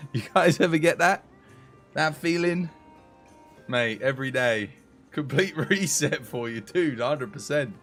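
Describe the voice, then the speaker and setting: A man's voice: mid-range voice, fairly bright tone. A young man streaming a game, chatting casually with viewers, joking and swearing now and then. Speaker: gaming streamer. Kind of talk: casual livestream chat while playing.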